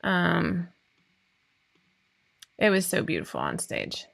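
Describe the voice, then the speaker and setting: A woman's voice: lowish voice, wildly swooping pitch, slow, creaky. A woman in her forties hosting a casual chat for her viewers, talking in a chatty, rambling way with frequent laughs. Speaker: host of a sewing pattern show.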